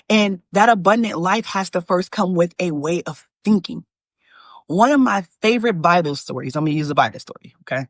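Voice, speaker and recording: A woman hosting her own channel, giving an animated, preachy motivational talk to viewers that she calls y'all, with frequent restarts. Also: fairly low pitch, dry recording, clean studio sound. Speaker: manifestation coach and channel host.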